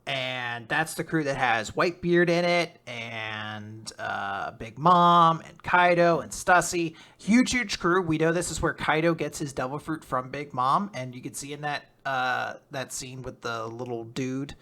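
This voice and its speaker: A man on a podcast, recapping a manga chapter in casual chat, laughing often, swearing and slipping into quick voices for the characters. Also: medium pitch, sharp tone.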